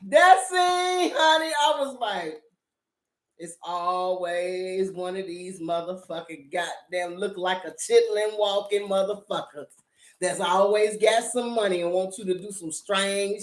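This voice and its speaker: A middle-aged woman vlogger takes it slowly as she rants about a drama in a mid-range voice, the room audible around her. The talk is animated and casual, full of sass, profanity and laughing asides.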